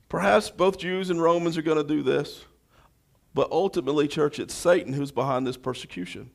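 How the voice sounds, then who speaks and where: A man preaching a sermon as pastor, with impassioned, repetitive phrasing that builds to shouting. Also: a little high, fairly quick, gravelly. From United States.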